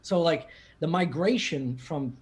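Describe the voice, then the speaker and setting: A man's voice: on the high side, measured pace. A man with a Philadelphia accent, a comedian guest telling rambling, profane stories in casual podcast chat. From Philadelphia area. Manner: profane, rambling storyteller with laughs.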